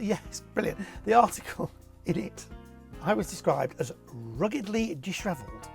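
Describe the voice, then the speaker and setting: A middle-aged man chats through viewer questions with a playful, self-mocking humour and frequent chuckles. His voice swoops up and down expressively and has a gravelly texture, while faint music plays in the background. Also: high-pitched, big pitch swings, moderate pace. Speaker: TV property presenter answering viewer questions. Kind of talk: casual chat.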